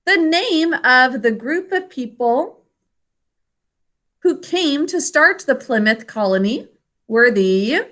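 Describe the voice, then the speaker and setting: A woman's voice: high voice, lively intonation, slow, pauses often, fairly bright tone. A woman teacher leading an online phonics lesson over a video call, patiently spelling words out sound by sound. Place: remote class on a video call.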